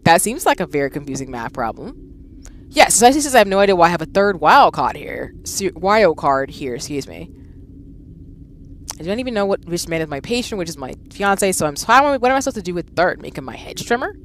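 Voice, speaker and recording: A woman's voice: lowish voice, very animated, fast talker, slight background noise. A woman voicing a proud, stubborn young noblewoman villainess, reading game dialogue in a formal, self-assured manner. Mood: indignant.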